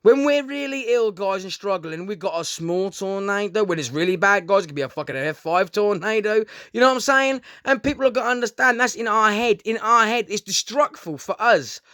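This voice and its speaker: A man with a notably high voice talks straight to his viewers in a loose, meandering rant. He swears freely and keeps checking in with "guys" and "right?". The sound is close and dry, with no room echo. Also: a little fast, hardly any pauses, bright, forceful tone, smooth. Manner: rambling, heavy swearing, keeps addressing listeners as "guys". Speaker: vlogger. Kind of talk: casual unscripted monologue to camera.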